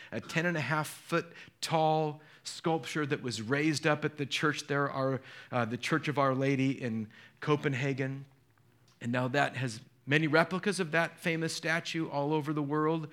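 A man pastor preaching a sermon, telling a personal story in an earnest, emotional way and dropping to hushed tones. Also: fairly high pitch. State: choked up.

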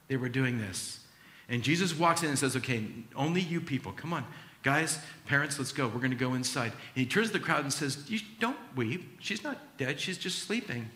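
A man preaching a sermon as pastor, acting out Bible scenes in an animated, storytelling way. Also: medium pitch, reverberant.

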